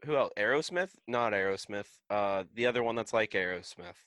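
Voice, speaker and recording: Young man, bright lowish podcast voice. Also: animated, a little fast, smooth, dry recording. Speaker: podcast co-host. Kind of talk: casual chat.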